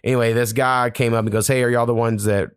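A man's voice: medium pitch, level tone, quick pace, clean tone, no room sound, studio quality. Profane rambling man on a podcast. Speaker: podcast host. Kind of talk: casual chat.

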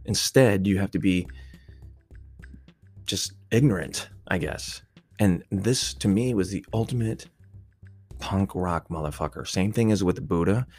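A man's voice: sits low, measured pace, pauses often, a little mellow, soft background music. A man talking in a rambling, profane, irreverent off-the-cuff monologue. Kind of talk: casual unscripted monologue.

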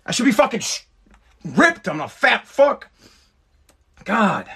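A man in his thirties rants alone on his podcast, cursing freely and wandering from one gripe to the next. His voice sits high and swings widely in pitch, bright and edged with a slight husk. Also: very animated, slow, vocal fry, husky. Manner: profane, exasperated, rambling. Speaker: podcast host. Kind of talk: solo podcast rant.

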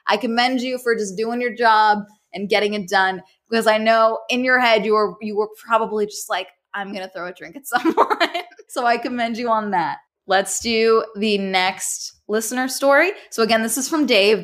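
A woman's voice: mid-range voice, fairly bright tone. A woman hosting a podcast, chatting casually and reading out listener stories with playful, laughing commentary. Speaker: podcast host.

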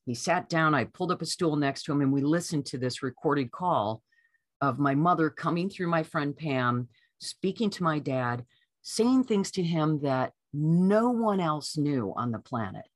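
A woman being interviewed as an author, telling a personal story in a lively way and acting out what people said. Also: low voice, unhurried, no room sound, clean studio sound. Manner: lively storyteller who acts out quoted voices. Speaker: author guest.

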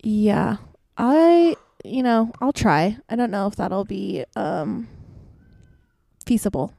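A woman's voice: medium pitch, animated, slow pace, gravelly, dark tone, dry recording. A woman co-hosting a podcast in casual chat, telling stories and acting out what others said. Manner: chatty storyteller, acts out quoted lines. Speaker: podcast co-host. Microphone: podcast microphone.

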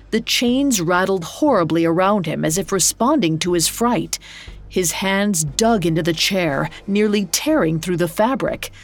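A woman narrating a scripted ghost story in a measured, atmospheric way. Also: fairly low pitch, vocal fry. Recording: soft background music.

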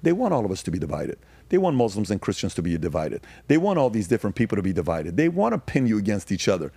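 Low, husky man telling emphatic stories. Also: big pitch swings, fast, dark tone, no echo. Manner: emphatic, acts out quoted dialogue in varied voices. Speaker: podcast guest. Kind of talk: animated conversational storytelling.

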